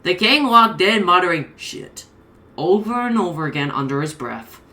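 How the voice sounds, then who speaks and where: A woman's voice: fairly low pitch, expressive, brisk, sharp tone. A woman narrating a comedic horror story, exasperated and swearing heavily. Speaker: creepypasta reader.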